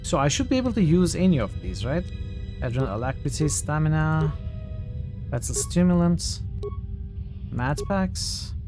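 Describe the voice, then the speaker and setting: A streamer casually commenting on a video game as they play, thinking aloud and haltingly, with quick excited outbursts. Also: mid-range voice. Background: game music.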